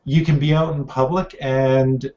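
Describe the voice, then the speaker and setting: A tired man talks slowly and hesitantly, pausing often to find his words. His pitch is ordinary. The sound is dull and muffled, like a cheap voice-chat mic. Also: little pitch movement, warm tone. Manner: slow, hesitant, searching for words. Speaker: participant. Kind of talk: casual group voice chat.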